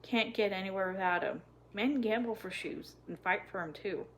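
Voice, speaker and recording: A woman voicing a kind, protective young male hobo with a Texan accent, speaking calmly and earnestly in a storybook reading. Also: mid-range voice, moderate pace, slight background noise, lightly acted, low-quality recording.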